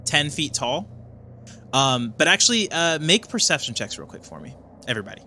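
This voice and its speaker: Bright-voiced male game master. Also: fairly high pitch, a little hiss or hum. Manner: relaxed, halting with ums and uhs. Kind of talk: narrating a tabletop game.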